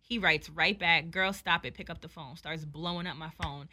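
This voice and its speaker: A young woman telling a story in casual chat, animated and profane, acting out both sides of the dialogue. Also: low voice, moderate pace.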